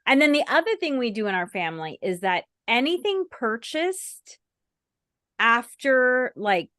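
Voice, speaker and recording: A woman's voice: on the high side, big pitch swings, a little slow, a bit bright, no echo, clean studio sound. A woman co-hosting a casual chat, talking easily and laughing often. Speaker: co-host.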